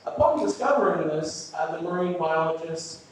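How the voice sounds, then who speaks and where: Man doing deadpan stand-up in an echoey room. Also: fairly high pitch, moderate pace, a little hiss or hum. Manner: deadpan, rambling storytelling with filler words. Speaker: stand-up comedian. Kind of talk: live stand-up set. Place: small live venue with audience. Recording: rough, echoey room recording from a distance. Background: audience laughter.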